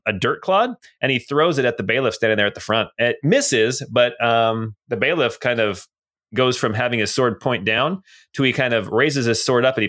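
A man's voice: mid-range voice, fairly bright tone. A man running a tabletop game as game master, describing scenes in a casual, rambling way with many fillers.

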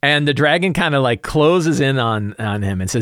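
Male game master, mid-pitched, casual rambling recap with plenty of "like", dry studio sound. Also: expressive, normal speed, a bit bright, no room sound. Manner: rambling, full of "like" and "right?"; chuckles while telling.

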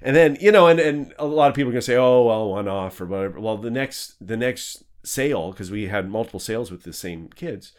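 Man, podcast host, fairly low voice, rambling, self-correcting, laughs mid-story. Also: fairly quick, few pauses. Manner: animated, laughs while telling stories. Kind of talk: casual interview storytelling.

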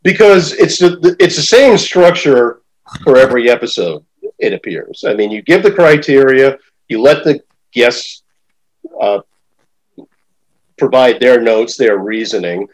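In this low-quality recording, a middle-aged podcast host chats casually with a guest, his mid-range voice carrying lively intonation. He's unhurried and leaves long pauses, rambling hesitantly and leaning heavily on fillers.

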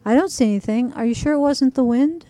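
A woman's voice: high voice, quick pace, dark tone, no echo, voice pushed up, natural voice. A woman voicing a hearty, cheerful father who hunts treasure in a junkyard, in a storybook reading. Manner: hearty and upbeat. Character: cheerful dad who loves junk treasure.

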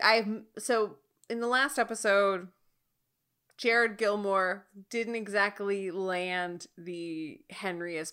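Bright chatty woman cohosting a tv recap, does little quote voices. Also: on the high side, clear, resonant tone. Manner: chatty, acts out characters' lines in quotes. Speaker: podcast co-host. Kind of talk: casual TV recap chat.

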